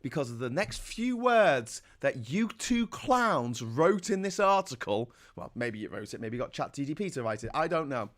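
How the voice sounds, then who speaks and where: A man's voice: medium pitch, very animated, normal speed, few pauses, fairly bright tone. Sarcastic ranting man. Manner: angry, sarcastic, blunt. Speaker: political commentary host. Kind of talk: ranting political commentary.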